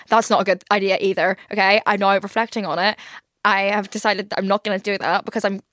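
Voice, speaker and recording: A woman's voice: mid-range voice, fast, fairly bright tone, dry recording, clean studio sound. A young woman hosting a casual solo podcast, rambling candidly with plenty of "like" fillers and swearing. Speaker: podcast host.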